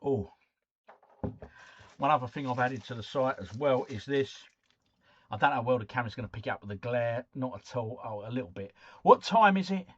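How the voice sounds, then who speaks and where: A man's voice: mid-range voice, fairly even intonation, fairly quick, long pauses, breathy edge, dull audio. A man hosting a casual live stream at home, chatting and greeting viewers by name. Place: at home, drinking cider.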